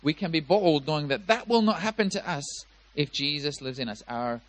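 A male pastor preaching a sermon with emphatic swings in loudness and pace, often repeating words. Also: a little high, expressive, moderate pace, rough recording.

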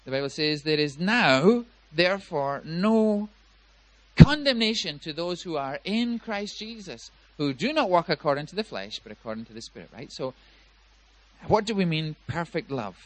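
A male pastor preaching a sermon with emphatic swings in loudness and pace, often repeating words. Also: fairly high pitch, big pitch swings, normal speed, no echo, poor audio.

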